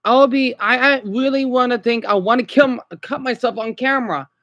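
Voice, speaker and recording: A man livestreaming from home in an unscripted rambling vlog. He sounds upset and exhausted, talks haltingly, repeats himself and keeps tagging lines with "okay?". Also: extremely high pitch, fairly bright tone, no room sound, highs cut off. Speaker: vlogger livestreaming.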